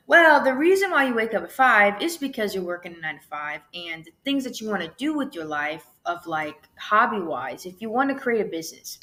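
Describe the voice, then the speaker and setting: A woman's voice: mid-range voice, very animated, fairly quick, few pauses, bright, forceful tone. A young woman hosting a casual solo podcast, talking chattily with lots of fillers and frequent swearing. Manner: chatty, swears freely, lots of "like" and "you know". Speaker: podcast host.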